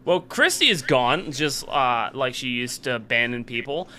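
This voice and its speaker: A man's voice: mid-range voice, expressive, normal speed, pushed and bright, a little hiss or hum. A young adult man hosting a podcast, telling crude stories in a rambling way with many fillers. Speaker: podcast host. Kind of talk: casual podcast chat.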